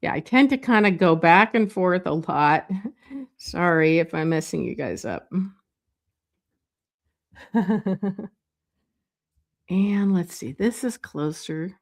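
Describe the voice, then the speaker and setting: A woman with a lowish voice and vocal fry gives a live drawing demonstration, speaking slowly and casually as she works. She thinks out loud, starts sentences over, drifts, chuckles softly and makes small asides to viewers, easygoing like a teacher sketching beside you.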